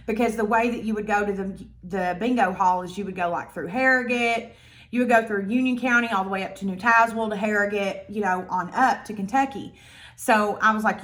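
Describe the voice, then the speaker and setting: A woman telling a storytime vlog in a blunt, profane, animated way. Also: mid-range voice, brisk. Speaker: vlogger.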